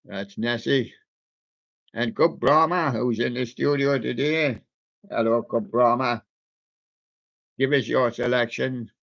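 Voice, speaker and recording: Slow-talking man hosting a lo-fi show. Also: mid-range voice, vocal fry. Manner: chatty, playful, talks to soft toys and does their voices. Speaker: radio show host. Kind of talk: casual radio chat. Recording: dull lo-fi sound.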